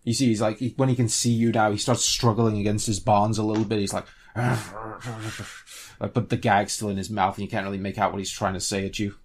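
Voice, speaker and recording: A man narrating as game master in a tabletop role-playing game, relaxed and a little hesitant. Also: on the low side, fast talker, hardly any pauses, slight background noise.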